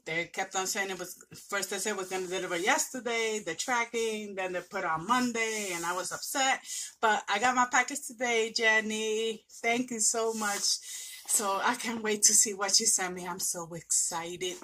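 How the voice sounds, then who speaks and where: Excitedly opening a craft package sent by a friend, this female vlogger gushes, exclaims and talks right to the friend in a casual unboxing chat. She has a mid-range voice, and a faint hiss or hum sits under the recording.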